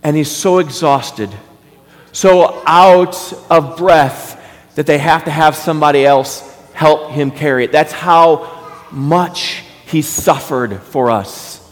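Male pastor, fervent sermon delivery with repeated questions, higher voice, echoing church hall. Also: slow. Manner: impassioned, repeats rhetorical questions. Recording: reverberant hall.

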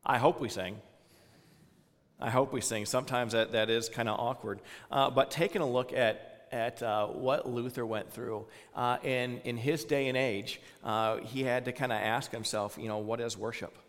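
A male pastor with a Southern US accent preaches in a loose, conversational way, stumbling through fillers and quizzing his listeners. His voice sits at an ordinary middle pitch and carries a long reverb, as if recorded in a church hall. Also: steady tone, moderate pace. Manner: conversational, many fillers, asks the congregation questions. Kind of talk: informal sermon to a congregation.

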